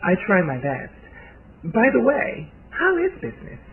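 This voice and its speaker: A woman's voice: a little high, wildly swooping pitch, unhurried, a little hiss or hum, pitched above the performer's own voice, heavily acted. A man playing a sly, sweet-talking hostess. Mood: sweetly sly. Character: crafty Southern hostess, polite, scheming. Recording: tinny phone-like lo-fi sound.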